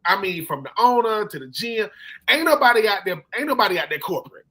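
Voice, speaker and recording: A man hosting a casual sports chat, telling animated stories and acting out quotes in slangy talk. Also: high voice, fast. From Philadelphia. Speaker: podcast host.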